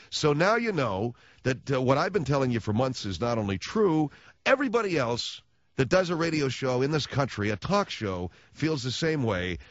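A man hosting a radio talk show, delivering a mock-solemn, sarcastic announcement in a deadpan way into a studio microphone. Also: mid-range voice, no echo, lo-fi sound. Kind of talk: sardonic radio monologue.

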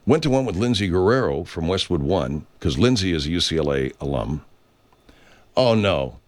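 A man's voice: low voice, animated, moderate pace. A man hosting a radio show in casual chat, rambling, restarting sentences and swearing freely. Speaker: host.

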